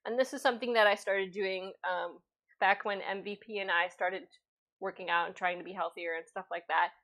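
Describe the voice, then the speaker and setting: A woman cooks in her home kitchen on a casual livestream, reading out viewer comments and chatting as she works. A lavalier mic captures her mid-range, steady, slightly bright voice at a normal speed.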